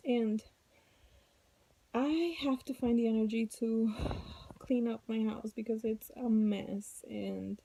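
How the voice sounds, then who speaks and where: Weary pregnant woman with a gravelly voice. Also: on the high side, steady tone, slow, long pauses, dark tone, a little hiss or hum, rough recording. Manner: rambling, weary, venting. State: tired, heavily pregnant. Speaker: vlogger. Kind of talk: casual chat to camera. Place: at home.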